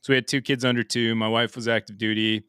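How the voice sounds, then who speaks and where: A man's voice: medium pitch, flat delivery, fast, sharp tone, clear, resonant tone, no echo, studio quality. A man in his thirties talking candidly as a podcast guest, casual and swearing freely. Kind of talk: casual interview chat.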